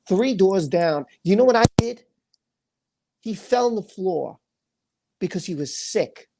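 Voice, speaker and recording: A man's voice: high-pitched, warm tone. Angry man ranting on a livestream. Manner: angry, impassioned, repeats phrases; reads chat comments aloud. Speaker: livestream host. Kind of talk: emotional livestream rant.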